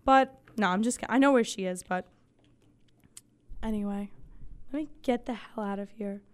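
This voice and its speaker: A woman hosting a podcast in casual chat, her voice soft and fading, rambling and swearing with deadpan jokes. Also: medium pitch, moderate pace. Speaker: podcast host.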